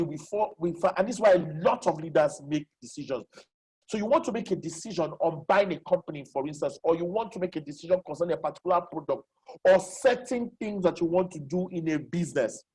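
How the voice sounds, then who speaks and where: A husky, darkish voice of medium pitch belongs to a facilitator hosting a live online lecture. They repeat the central questions and check that listeners are with them. The audio is low quality, recorded over a video call.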